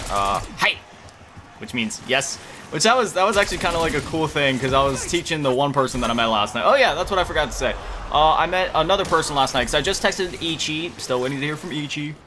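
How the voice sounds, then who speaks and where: A man's voice: a little high, fairly quick, noisy background. A man chatting casually while playing a video game, rambling and self-deprecating, often trailing off to recall words. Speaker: gaming YouTuber.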